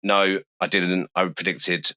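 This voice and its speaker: Deep-voiced London man hosting a podcast. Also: measured pace, sharp tone, dry recording. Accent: London English. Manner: swears freely, scattered and self-mocking. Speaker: podcast host. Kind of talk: casual chat.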